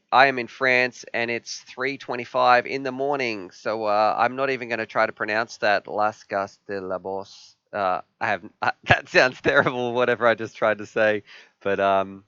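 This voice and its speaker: A man's voice: on the low side, bright, forceful tone, smooth, dry recording, lo-fi sound. A man hosting a casual live stream from his home room, rambling and chatty as he thanks viewers.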